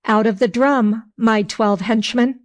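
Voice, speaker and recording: A stern old father wind from a fairy tale, scolding a foolish man, as a woman reads him aloud. The lines come slowly and deliberately, in a fairly high voice. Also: fairly even intonation, close to an everyday voice. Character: gruff old male wind spirit, scolding.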